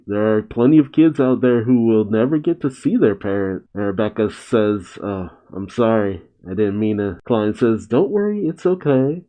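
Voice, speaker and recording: Low mellow man reading manga aloud. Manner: reads dialogue aloud with light voices and frequent laughs. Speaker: manga reaction host. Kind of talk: casual manga read-through with commentary.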